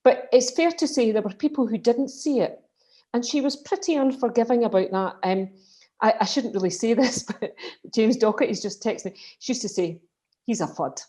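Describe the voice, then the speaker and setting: A woman's voice: fairly high pitch, mellow. Scottish woman guest, emphatic and passionate, heard over a video call. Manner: passionate, emphatic, quick restarts. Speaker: guest speaker, colleague. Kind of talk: casual remembrance conversation.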